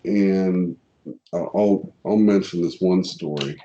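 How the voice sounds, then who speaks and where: A man's voice: low voice, takes it slowly, warm tone, muffled recording, slight background noise. A man with a Missouri accent co-hosting a casual podcast, plainspoken and blunt, getting fired up as he talks. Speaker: podcast co-host.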